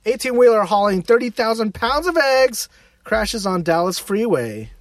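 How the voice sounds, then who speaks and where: A man co-hosting a casual podcast, throwing in quick wisecracks and questions. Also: high voice, sing-song, no echo, clean studio sound. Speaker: podcast co-host. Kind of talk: casual banter. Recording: noisy background.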